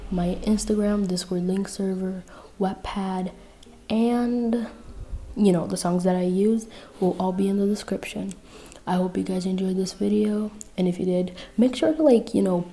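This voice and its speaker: Mellow casual young woman storyteller. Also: mid-range voice, fairly even intonation, moderate pace. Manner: casual, chatty, with fillers. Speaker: fanfic narrator and channel host. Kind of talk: reading a fanfic-style listener story.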